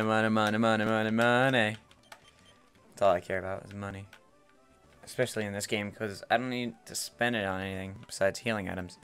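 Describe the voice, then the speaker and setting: A man's voice: on the low side, a bit bright, clear, resonant tone. A man giving casual game commentary as a let's player, rambling and playful, repeating words, on a headset mic.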